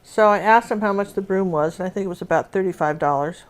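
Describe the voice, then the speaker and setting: A woman's voice: medium pitch, fast talker. Chatty woman painting instructor, talks through her demo with rambling asides.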